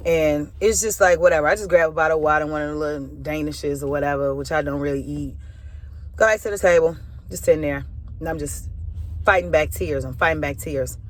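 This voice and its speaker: A woman's voice: low voice, steady tone, a little fast. A woman speaking as a spoken word minister, telling a personal story in a loose, candid way with casual filler phrases. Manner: candid, emotional retelling.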